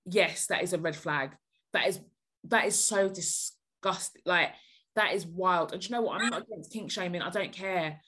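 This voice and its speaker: A woman's voice: lowish voice, normal speed, sharp tone, breathy edge. A woman hosting a podcast, giving blunt, emphatic advice in casual chat.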